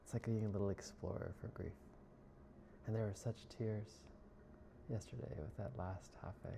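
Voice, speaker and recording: Soft-spoken man with a gravelly low voice. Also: steady tone, slight background noise. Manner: soft, slow and intimate, often drifting into a whisper. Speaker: spiritual healer. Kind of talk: reflective spoken monologue.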